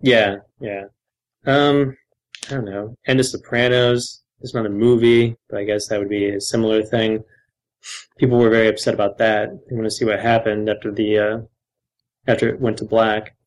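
A man's voice: on the low side, flat delivery, normal speed, poor audio. Wry, teasing man co-host. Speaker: podcast co-host. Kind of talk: casual podcast banter.

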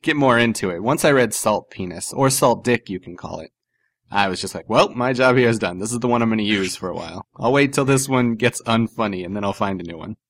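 A man co-hosting a podcast in casual banter, animated and sarcastic, laughing often. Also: lowish voice, brisk, no room sound. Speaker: podcast co-host.

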